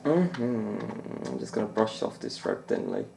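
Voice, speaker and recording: A man's voice: lowish voice, wildly swooping pitch, unhurried, creaky, roomy sound, noisy background. A young man chatting casually over a snooker game as a gaming YouTuber, rambling and laughing often. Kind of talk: let's-play commentary.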